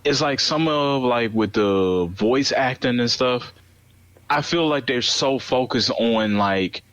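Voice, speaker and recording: A man co-hosting a podcast, talking casually about films in halting phrases with many fillers. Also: medium pitch, fairly bright tone, no echo. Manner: halting, many "um" and "you know". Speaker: podcast co-host. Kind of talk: casual movie review chat.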